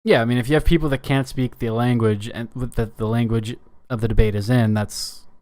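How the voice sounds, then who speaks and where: Man, from Canada, reaction host, blunt, offhand, mid-pitched voice, dry close sound. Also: steady tone, a little fast, a little mellow, dry recording. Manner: blunt, offhand, trailing restarts. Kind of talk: casual reaction commentary.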